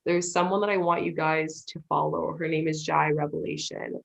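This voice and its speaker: A woman's voice: sits low, level tone, normal speed, gravelly, low-quality recording. A woman hosting a casual video-call chat, encouraging and upbeat as she shares tips. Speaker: host.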